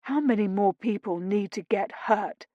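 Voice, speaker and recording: A woman voicing a remorseful aristocratic duke who speaks quietly and pleads. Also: mid-range voice, measured pace, no room sound, highs cut off, lightly acted.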